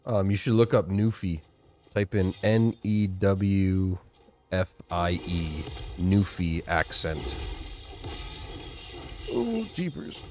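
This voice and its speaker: A man's voice: low-pitched, flat delivery, takes it slowly, a little mellow, slight background noise. A man with a Western Canadian accent giving casual, folksy commentary while streaming a game, chatting and laughing between remarks. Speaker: gaming streamer.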